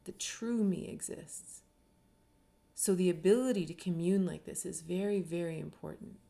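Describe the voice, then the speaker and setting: A middle-aged woman from Canada talks earnestly about connection, with a mellow, low-pitched voice. She speaks reflectively and briefly acts out the people in her stories. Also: normal speed, gravelly. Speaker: author and speaker. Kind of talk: reflective spoken talk.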